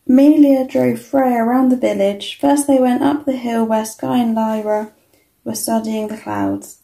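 Give me a woman reading a children's storybook, slightly high with a gravelly edge. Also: fairly even intonation, measured pace, warm tone. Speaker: storybook reader. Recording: echoey room.

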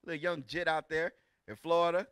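A man in his forties, a religious teacher giving loud, exclamatory preaching commentary in casual street talk. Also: fairly high pitch, flat delivery, fairly quick, clear, resonant tone, no echo. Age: 40s. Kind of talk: animated preaching commentary on videos.

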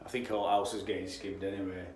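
A man's voice: low voice, level tone, fast talker, a little mellow, reverberant, slight background noise. A man from Yorkshire with a Yorkshire accent, a damp-proofing tradesman talking casually on site, rambling, restarting phrases and drifting off on tangents. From Yorkshire, England.

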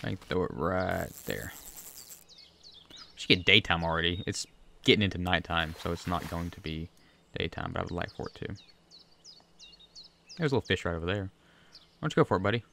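Deep gravelly man rambling over gameplay. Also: lively intonation, brisk, long pauses, sharp tone, a little hiss or hum. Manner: rambling, chatty, talks to the fish. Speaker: gaming video creator. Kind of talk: casual gameplay commentary. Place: home desk. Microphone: USB desk microphone.

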